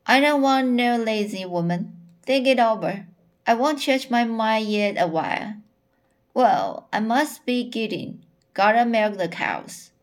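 Blunt young country farmhand, read by a woman, slow and few-worded. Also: mid-range voice, close to an everyday voice. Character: lanky blunt young farmhand suitor, male.

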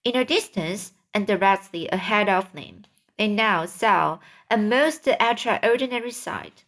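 A woman's voice: mid-range voice, fairly bright tone. A woman reading a children's book aloud, often stumbling and restarting words. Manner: halting, stumbling over words. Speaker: reader.

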